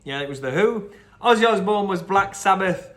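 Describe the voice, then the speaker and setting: A man with a high-pitched, expressive and fairly bright voice hosts a quiz, reviewing the answers. His talk is chatty and meandering, full of fillers, with quick impressions of quotes along the way.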